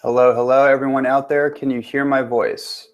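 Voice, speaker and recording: An upbeat man hosts a live online webinar as a transformation coach. He talks in a mid-pitched voice and keeps greeting his viewers and checking the audio. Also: level tone, normal speed.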